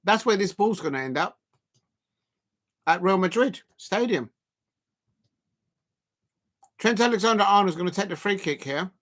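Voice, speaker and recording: A man hosting a live football watch-along, talking haltingly with fillers and breaking into loud emphatic outbursts at the action. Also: sits high, lively intonation. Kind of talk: live match reaction commentary.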